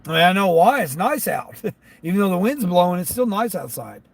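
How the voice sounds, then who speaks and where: A man who drives for delivery apps, talking casually to his viewers from his car and grumbling as he thinks out loud about the orders he gets. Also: sits high, very animated, a little fast, creaky, dry recording. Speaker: gig delivery driver vlogger. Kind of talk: casual talk while driving. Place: inside a car.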